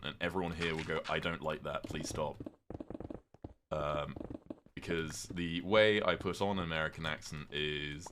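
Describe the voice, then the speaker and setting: Deep-voiced British man chatting on stream. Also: creaky, background noise. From Britain. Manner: chatty, sweary, reads chat aloud and reacts with sudden loud outbursts. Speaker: livestreamer. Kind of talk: casual livestream chat.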